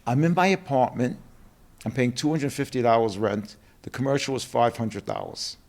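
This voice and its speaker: Middle-aged man, New York accent, gravelly voice, lively storyteller who acts out the quotes. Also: mid-range voice, normal speed. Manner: animated storyteller acting out quotes. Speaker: guest, company co-president. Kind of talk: storytelling interview.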